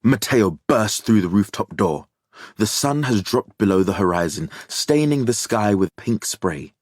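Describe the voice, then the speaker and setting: A man narrating an audiobook thriller in a measured, even storytelling manner. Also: on the low side, no echo, studio quality.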